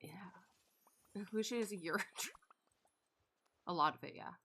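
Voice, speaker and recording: A woman's voice: on the low side, slow, a bit bright, a little hiss or hum. A woman streamer chatting casually while she plays a game, rambling with lots of fillers and laughs. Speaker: live streamer. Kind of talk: casual chat while gaming.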